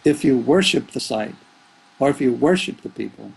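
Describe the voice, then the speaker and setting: Creaky-voiced man musing on spirituality. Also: medium pitch, animated, moderate pace, a little mellow, low-quality recording. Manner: rambling, thoughtful, with fillers and restarts. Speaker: spiritual teacher, interview guest. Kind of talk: reflective interview answers.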